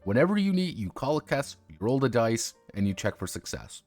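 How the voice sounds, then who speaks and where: A man of medium pitch with big pitch swings and a darkish tone talks fairly quickly over soft background music. In a casual streamed review of a tabletop game, he rambles and swears without restraint, with many fillers and restarts.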